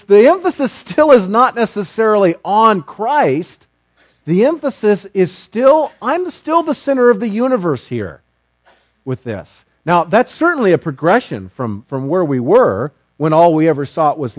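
A male pastor preaching a sermon, animated and building to emphatic questions. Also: high-pitched, normal speed, dry recording.

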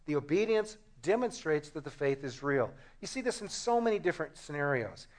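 High-voiced preacher, animated and rhetorical. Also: male voice, fairly quick. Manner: animated, rhetorical, role-plays dialogue. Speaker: pastor. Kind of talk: sermon.

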